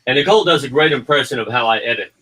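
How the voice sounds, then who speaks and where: Chatty indie filmmaker, man, rambles and restarts, bright tone. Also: medium pitch, rapid-fire, distant mic, rough recording. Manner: rambling, repeats words, acts out quotes. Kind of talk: casual livestream chat.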